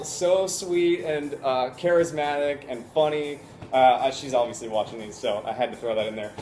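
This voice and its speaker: A man in his twenties telling a story in a casual vlog, animated and full of fillers like "like" and "you know". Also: medium pitch. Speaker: vlogger. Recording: echoey room, faint ambient noise.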